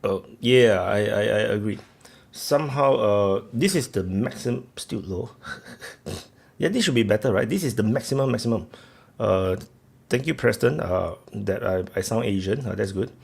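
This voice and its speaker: A man's voice: lowish voice, expressive, normal speed, creaky, a little mellow, breathy edge. A man hosting a live stream in a casual, rambling way, filling gaps with chatter and talking to viewers. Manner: rambling, lots of fillers and restarts, chatting with viewers.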